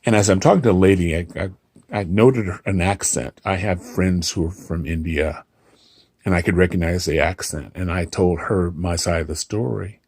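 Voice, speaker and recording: Gravelly low-voiced man telling a story. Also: normal speed, darkish tone, no room sound. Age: middle-aged. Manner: conversational, re-enacting dialogue with dry humor. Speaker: hotel front desk clerk. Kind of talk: casual storytelling to camera.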